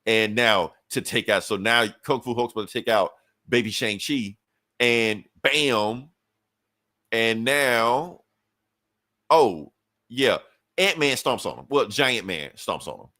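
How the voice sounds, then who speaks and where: Brief: podcast co-host, lively swinging pitch, cussing casually through a comic recap. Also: male voice. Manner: animated, profane storytelling.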